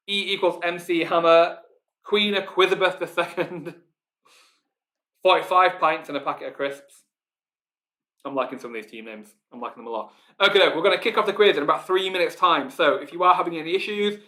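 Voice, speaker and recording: A man's voice: on the high side, sharp tone. A man with a Yorkshire accent hosting a live online pub quiz, chatty, reading out team names and laughing often. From Yorkshire, England. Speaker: quiz host.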